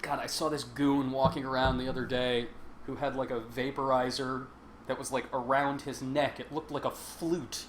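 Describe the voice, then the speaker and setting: A man with a medium-pitched, level voice runs a casual game stream at a moderate pace. He's chatty and joking, laughing often as he plays and comments, with faint game noise in the background.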